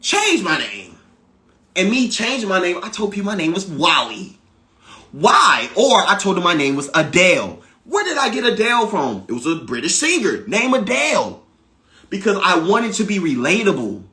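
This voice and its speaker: Man, motivational spiritual monologue, emphatic, repeats himself, very animated pitch, bright tone. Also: moderate pace. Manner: emphatic and preachy, repeating phrases for effect; swings from loud exclamations to low, quiet asides. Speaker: spiritual teacher.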